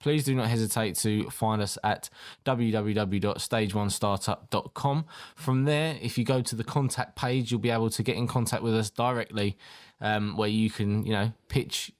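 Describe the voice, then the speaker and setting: A man's voice: lowish voice, steady tone, moderate pace, few pauses. A man co-hosting a podcast, upbeat and speaking straight to listeners. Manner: upbeat, talks directly to listeners. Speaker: podcast co-host. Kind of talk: casual chat.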